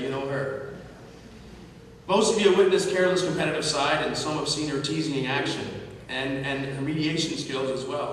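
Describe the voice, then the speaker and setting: Man's eulogy echoing in a hall. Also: mid-range voice. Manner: anecdotal, gently humorous storytelling. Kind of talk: memorial tribute speech. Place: large hall at a memorial service. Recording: echoey hall from far off, noisy.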